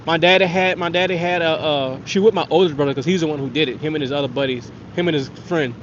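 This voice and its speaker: A man's voice: fairly high pitch, fast, a little hiss or hum. A man, hosting a fishing livestream from a kayak and rambling through stories with frequent laughs. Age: 30s. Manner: rambling, laughs often, reads chat. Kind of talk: casual storytelling livestream. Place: outdoors on the water in a kayak. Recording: dull lo-fi outdoor stream audio.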